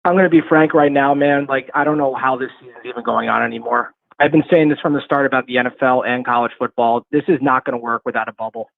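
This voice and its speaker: A man's voice: medium pitch, steady tone, fast talker, creaky, no echo. A man calling in to a sports talk show, blunt and impassioned. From New York City. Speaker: caller. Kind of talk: call-in radio talk. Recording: tinny phone line.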